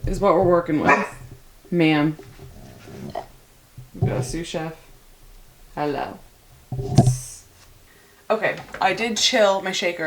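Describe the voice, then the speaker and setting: A young woman in casual, excitable chat to camera while mixing a drink in her apartment kitchen. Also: on the low side, background noise. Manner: chatty and excitable, rambling asides. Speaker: vlogger. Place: cold home apartment kitchen.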